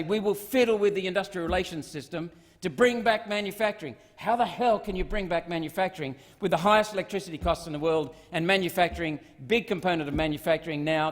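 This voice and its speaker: Australian male senator, middle-aged, fiery rhetorical delivery, slightly high voice, big chamber reverb. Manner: combative, repeated rhetorical questions. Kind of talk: parliamentary speech. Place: parliament chamber. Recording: long reverb of a large chamber.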